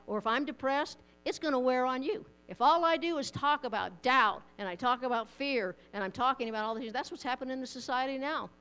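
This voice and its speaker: A woman preaches a sermon in a church, her voice set a touch high. She talks in a plain, conversational way, often doubling back on her words. A low mains hum sits under the recording. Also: fairly bright tone, clear, resonant tone. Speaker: pastor.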